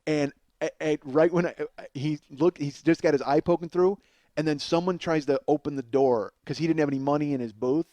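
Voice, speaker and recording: A man's voice: fairly high pitch, fairly quick, dry recording. A male comedian telling a long, profane story as a monologue, laughing as he goes. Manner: animated, profane, laughing mid-sentence. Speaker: comedian host.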